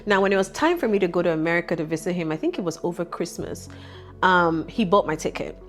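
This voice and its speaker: A woman's voice: lowish voice, expressive, fast, soft background music. A woman hosting a vlog, telling a candid personal story in a casual, chatty way. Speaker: vlog host.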